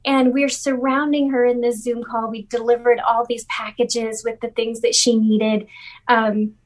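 A woman guest from a refugee ministry recounts stories with eager, heartfelt enthusiasm, peppering her talk with ums and you-knows. Her voice sits a little higher than most. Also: level tone, a little slow. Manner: warm, enthusiastic storyteller with many fillers. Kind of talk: storytelling in an interview.

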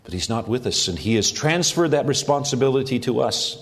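A middle-aged pastor delivers a sermon in an earnest, steady voice. His pitch sits in an ordinary middle range for a man, and he lifts it to press home key phrases. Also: a little fast. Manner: earnest preaching with rising emphasis on key phrases.

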